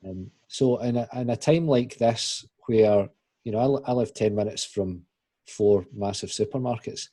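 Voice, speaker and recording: Husky man hosting. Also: lowish voice, moderate pace, dark tone. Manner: rambling questions, many restarts. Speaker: podcast host. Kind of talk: casual podcast interview.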